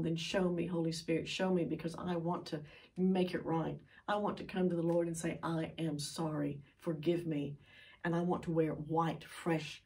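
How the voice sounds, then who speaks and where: Older woman Bible teacher, earnest pleading sermon, recorded at a distance from the mic. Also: on the low side. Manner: earnest, pleading, with emphatic sighs of "oh".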